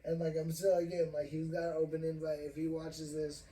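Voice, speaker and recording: A young man hosts a loose, casual podcast, rambling through a story with plenty of swearing and frequent laughter. His voice sits a little high for a man. He sounds set back from the mic in an echoey room, with faint noise underneath. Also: completely flat delivery, fairly quick, warm tone, distant mic. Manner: rambling, profane, laughs often. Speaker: podcast host.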